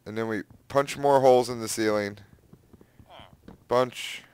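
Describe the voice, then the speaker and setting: A young man giving casual, excitable gameplay commentary, exclaiming and humming to himself. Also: mid-range voice, a little slow, smooth. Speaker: gaming youtuber.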